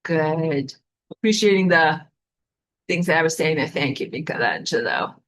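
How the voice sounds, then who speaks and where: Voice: medium pitch, expressive, normal speed, fairly bright tone, poor audio. A spiritual teacher talking casually on a livestream, rambling with many fillers and the odd swear word, reading viewer comments aloud and apologizing often. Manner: rambling, with frequent fillers and profanity.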